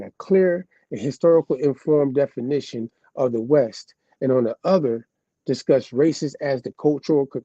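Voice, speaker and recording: A man, reading an article aloud and commenting casually, slowly and with stumbles over words. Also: mid-range voice, dark tone, dry recording, lo-fi sound.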